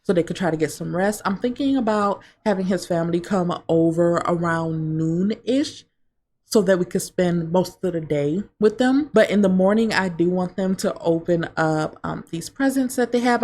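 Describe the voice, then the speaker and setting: Woman, gameplay commentary, chatty, lower voice, casual retelling. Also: normal speed, darkish tone. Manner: chatty, retells scenes with "he's like". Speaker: gaming video creator.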